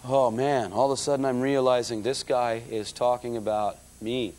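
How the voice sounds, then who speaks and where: A middle-aged man preaching, telling his conversion story in a lively storytelling manner and calling the audience folks. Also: medium pitch, moderate pace. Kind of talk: testimony sermon.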